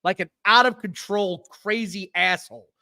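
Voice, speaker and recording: A man's voice: sits high, moderate pace, no room sound, rough recording. A man co-hosting a casual wrestling podcast, blunt and profane, telling match stories with lots of energy. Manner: profane, blunt, animated storytelling. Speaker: podcast co-host.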